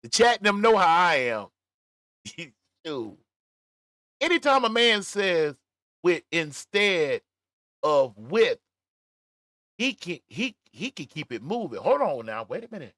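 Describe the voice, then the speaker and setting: A middle-aged man hosts a casual stream and reads the chat aloud, laughing and stretching words out for emphasis. His voice sits a little high and swings widely in pitch. The sound is dry and close. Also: no room sound. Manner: animated, laughing, drawn-out emphasis. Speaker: livestream commentary host. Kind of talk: casual commentary reading live chat. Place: at home, smoking a cigar.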